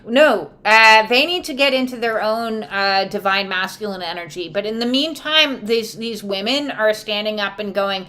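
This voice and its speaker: A woman's voice: medium pitch, normal speed, few pauses, sharp tone. A woman giving a live spiritual card reading to viewers, casual and emphatic, swearing freely. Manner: acts out quoted voices. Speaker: oracle and tarot card reader.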